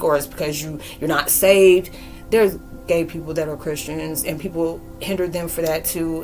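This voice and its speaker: A woman in her forties giving a rambling, slangy spiritual monologue and acting out quoted dialogue in a lively way. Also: fairly low pitch. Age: 40s. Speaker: spiritual podcaster and reader.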